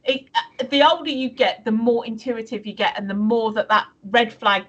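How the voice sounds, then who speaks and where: A woman's voice: fairly high pitch, moderate pace, highs cut off. A woman from the UK co-hosting a live stream, chatting casually and rambling with many restarts. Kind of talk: casual chat reading viewer comments.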